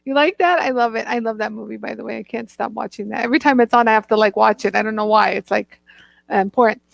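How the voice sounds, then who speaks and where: A bubbly, gushing woman from the northern United States chats casually with viewers while hosting a live jewelry tool stream. Her voice sits high, and the sound is dry and close, with no room around it. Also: fast talker, creaky, dry recording. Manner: bubbly, gushing, chatty, laughs often.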